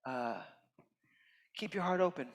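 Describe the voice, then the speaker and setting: A man giving a heartfelt, expressive inspirational talk as a guest speaker at a temple, swinging from loud emphasis to soft near-whispers. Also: sits high, unhurried. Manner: earnest and heartfelt, tearful at moments. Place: temple sanctuary. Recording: reverberant hall.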